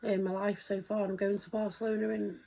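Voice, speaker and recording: Husky-voiced chatty woman podcaster. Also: medium pitch, flat delivery, fairly quick, dark tone. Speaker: podcast co-host. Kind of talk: casual chat.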